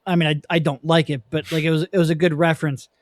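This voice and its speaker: A man's voice: on the high side, little pitch movement, dry recording, studio quality. Chatty man hosting a sports podcast. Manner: chatty, laughs easily, quick asides. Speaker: podcast host. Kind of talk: casual sports podcast chat.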